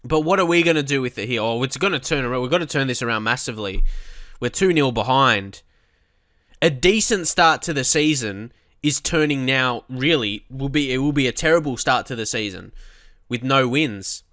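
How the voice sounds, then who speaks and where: A bright, forceful young man talks over his own football game in a dry, close recording. He chats loosely, then flares into loud, frustrated outbursts and swearing as the match turns against him. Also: mid-range voice, lively intonation, moderate pace, no room sound. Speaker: gaming commentator. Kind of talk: live match commentary while playing.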